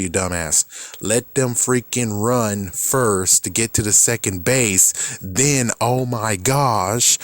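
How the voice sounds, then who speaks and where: A man with a low-pitched voice rants about movies in a loose, profane, exasperated way. He jumps between his own view and mocking voices for other people. His recording sounds dry and close, with no room echo. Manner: profane, exasperated and animated, acts out quotes. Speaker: movie commentary vlogger. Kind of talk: casual ranting movie opinion vlog.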